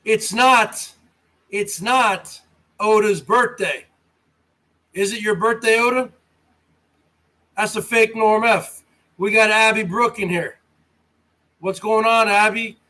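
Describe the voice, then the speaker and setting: A high-pitched man from the United States, hosting a rambling livestream at an unhurried pace. His voice is bright and edgy, and he teases and taunts his chatters one by one. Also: fairly even intonation. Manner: mocking, taunting, talks straight to chatters. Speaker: livestream host reading chat. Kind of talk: casual rambling livestream chat.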